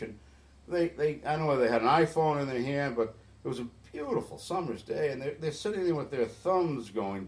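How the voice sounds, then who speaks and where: A man's voice: mid-range voice, darkish tone. A middle-aged man from New England, a guest in an interview, telling a long story earnestly and with feeling, often restarting his sentences. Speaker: interview guest, boatyard volunteer organizer.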